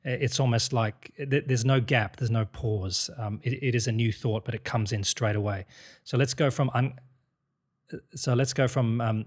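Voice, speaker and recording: An acting coach works with an actor on a Shakespeare speech, explaining rhythm and word choice. He is encouraging and analytical, with many restarts. His voice is fairly low with a breathy edge.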